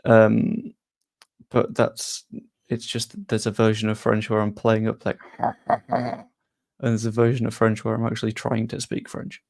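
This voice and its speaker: A man hosting a football channel, chatting casually as he answers viewer questions with quick asides. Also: lowish voice, gravelly, a little mellow. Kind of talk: casual live-stream Q&A.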